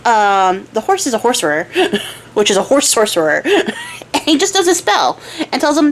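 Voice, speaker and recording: On her crafting channel, a young woman retells a folktale in a casual way, with frequent giggles and chatty asides as she crafts. Her voice is on the high side and very animated, at a moderate pace with long pauses.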